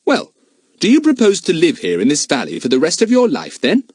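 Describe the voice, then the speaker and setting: A man voicing a cheerful, animal-loving young boy who talks in a brisk, chummy way. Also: a little high, huge pitch swings, a little mellow, breathy edge, no room sound, studio quality, voice pushed up, full character voice. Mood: amused.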